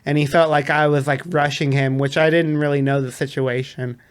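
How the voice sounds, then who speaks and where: Smooth-voiced man telling a story. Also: a little high, fairly quick. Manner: animated, laughs often. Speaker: DJ guest. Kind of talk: casual storytelling.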